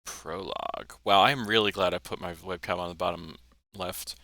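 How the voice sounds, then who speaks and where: A man's voice: sits low, steady tone, normal speed, pushed and bright, dry recording. A man commentating a game he is playing, chatty, with self-mocking asides. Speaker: gaming streamer. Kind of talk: let's play commentary. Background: game music.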